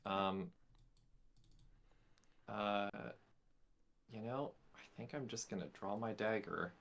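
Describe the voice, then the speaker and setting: A man's voice: fairly low pitch, slow pace, fairly bright tone. A man playing a tabletop role-playing game, thinking aloud and hesitating over his moves. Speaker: player.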